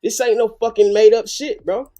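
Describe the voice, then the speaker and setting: A man's voice: high voice, steady tone, normal speed, mellow, faint music behind. A man hosting a live reaction show, commenting animatedly with heavy slang and profanity. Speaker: host.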